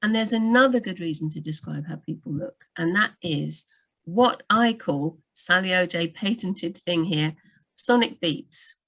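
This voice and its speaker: A woman working as a book doctor, giving writing advice in a live Q&A over a video call, animated and full of quick asides and restarts. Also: fairly low pitch, vocal fry.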